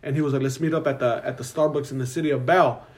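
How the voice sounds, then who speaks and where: A young man, telling a profane, animated story as a podcast co-host. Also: mid-range voice, fast. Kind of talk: casual storytelling.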